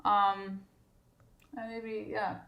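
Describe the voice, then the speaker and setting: A woman hosts a casual livestream for her fans, answering chat in an easygoing, unhurried way. She laughs often and fills her pauses with ums and uhs. Her voice sits at an ordinary middle pitch. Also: vocal fry, dull audio. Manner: relaxed and chatty, laughs often, many fillers. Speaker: singer hosting a fan livestream. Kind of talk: casual livestream chat reading viewer comments. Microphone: streaming setup at a desk.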